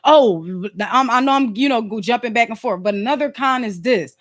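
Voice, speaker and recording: A loud, high-voiced woman from Philadelphia livestreams a casual chat from her phone, talking fairly quickly. A podcast host and streamer, she's animated and slangy, loves rhetorical asides, and gets emphatic, sometimes snapping.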